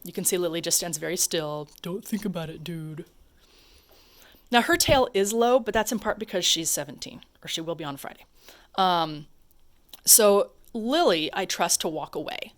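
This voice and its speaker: A woman's voice: on the low side, animated, normal speed. A woman dog trainer talking casually over a video, explaining her dogs' behavior and now and then calling out to them. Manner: chatty, explains while calling to her dogs.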